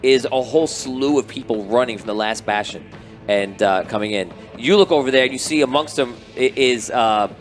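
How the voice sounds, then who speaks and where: A man narrating a tabletop game as game master, telling the scene in a rambling, animated way. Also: mid-range voice, normal speed, soft background music. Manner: rambling, animated storytelling with restarts.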